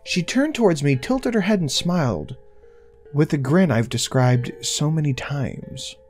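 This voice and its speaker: A man's voice: fairly high pitch, animated, measured pace, darkish tone, soft background music. A man narrating a first-person horror story in a tense, intense way, swearing now and then.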